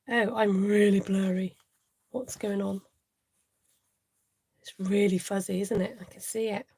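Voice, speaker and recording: Chatty woman with a gravelly, creaky voice. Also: mid-range voice, slow pace, pauses often, a little mellow, dry recording. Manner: chatty, reads out viewer comments, laughs often. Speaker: card-making tutorial host. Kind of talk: live crafting tutorial, chatting with viewers.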